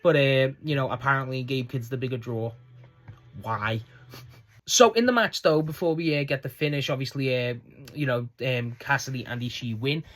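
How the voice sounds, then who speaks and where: A man's voice: mid-range voice, moderate pace, fairly bright tone. Rambling man reviewing wrestling. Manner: rambling, swears often, laughs at the show. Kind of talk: casual solo review.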